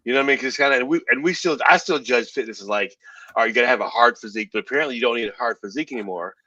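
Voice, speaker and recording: A man in his fifties co-hosts in laid-back, slangy banter. His voice is bright and forceful but comes through dry, thin and a bit far from the mic, like remote stream audio. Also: medium pitch, rapid-fire, breathy edge, highs cut off. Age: 50s. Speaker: co-host. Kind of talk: casual chat.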